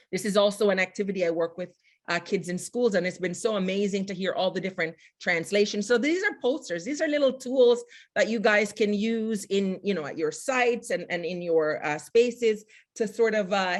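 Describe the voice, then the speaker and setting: A woman whose first language is Jamaican Patois speaks in a middle-range voice on a video call. She talks earnestly and haltingly, restarting her sentences often as she presents to a webinar audience. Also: mid-range voice. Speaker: guest speaker and poet.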